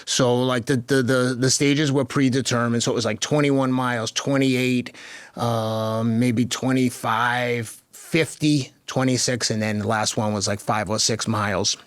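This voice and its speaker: A man's voice: medium pitch, fairly even intonation, measured pace, smooth, no echo. A man in his fifties with a Boston accent, telling stories as a guest in a casual, candid way, often laughing. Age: 50s. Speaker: guest, marathon runner. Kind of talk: casual storytelling.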